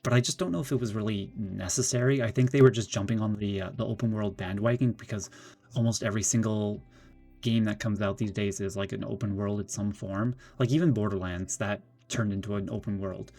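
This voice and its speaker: A man streaming live, ranting in an animated, exasperated way and often restarting his sentences. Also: lowish voice. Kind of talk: casual live-stream commentary.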